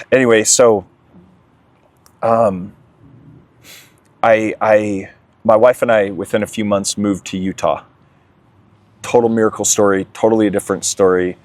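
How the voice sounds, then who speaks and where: A man's voice: on the low side, steady tone, unhurried, pauses often, no echo. A young man sharing his recovery story in a candid, emotional way as an interview guest. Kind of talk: candid testimony.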